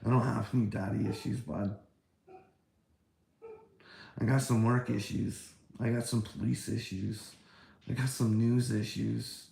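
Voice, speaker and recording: A gravelly, low-voiced man rants slowly and at length, taunting his listener and preaching with plenty of swearing. Mocking laughter breaks up his lines. The sound is echoey, as if from a bare room. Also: level tone, dark tone. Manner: taunting, calls listener "bud", frequent laughter; profane, preachy. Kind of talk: rambling livestream rant.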